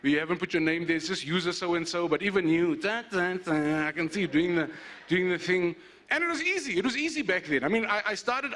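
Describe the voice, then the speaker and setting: A man's voice: on the high side, slight background noise. A man from South Africa in his forties, hosting an awards event with playful stand-up comedy. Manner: animated, joking, playful asides.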